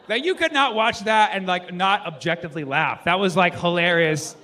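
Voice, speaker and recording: A male stand-up comic on a club stage, talking into a handheld mic with a high, bright voice. He rambles loosely, swears freely and laughs at his own bits. His energy swings between easy chatter and loud bursts. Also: normal speed. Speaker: stand-up comedian. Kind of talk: stand-up comedy. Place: comedy stage.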